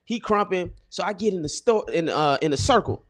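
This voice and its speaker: A man hosting a podcast, telling comedic stories in an animated way, with his voice jumping up when he gets excited. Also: sits high, a little fast. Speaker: podcast host. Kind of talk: casual comedic storytelling.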